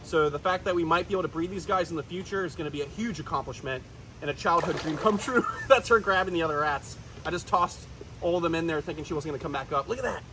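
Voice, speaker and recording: A man hosting a wildlife vlog outdoors, talking excitedly to his animals as he feeds them. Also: on the high side, fast, background noise. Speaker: wildlife vlogger and zoo keeper. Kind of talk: casual outdoor vlog narration. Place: outdoors at animal enclosures and a pond.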